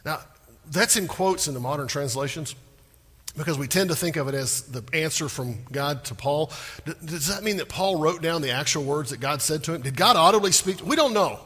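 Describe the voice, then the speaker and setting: A man preaches in a church sanctuary, his voice bright and a little raised in pitch. He acts out prayers with growing fervour, and the sound carries a long reverb from the large hall. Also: a little fast, slightly rough. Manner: animated preaching, acting out prayers in rising voice. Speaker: pastor. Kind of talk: sermon.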